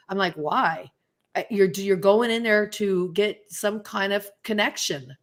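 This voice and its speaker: A woman guest tells stories casually on a radio talk show. She keeps her voice at an everyday middle pitch and acts out the voices of people she quotes as she goes. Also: moderate pace. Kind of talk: casual interview storytelling.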